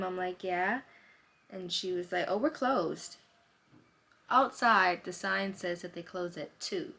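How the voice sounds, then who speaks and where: A young woman vlogger with a voice on the low side tells her audience a story in a casual, animated way, acting out both sides of a conversation.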